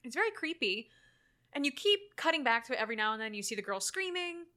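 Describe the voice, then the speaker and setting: A woman co-hosting a casual movie podcast, retelling scenes with lively acted-out quotes and bursts of laughter. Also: high-pitched, fast talker. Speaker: podcast co-host.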